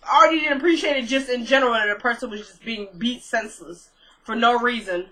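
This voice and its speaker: Recapping a TV episode in casual conversation, a woman speaks fast in a fairly high, pushed, bright voice, laughing at her own asides and using lots of fillers. The recording quality is low.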